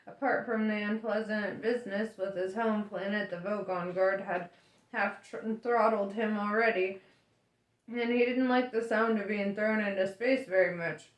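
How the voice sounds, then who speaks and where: A woman reading a novel aloud in a chatty, relaxed way. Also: mid-range voice, normal speed. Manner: chatty and relaxed, laughing between lines. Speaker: audiobook reader. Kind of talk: casual audiobook reading. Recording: roomy echo.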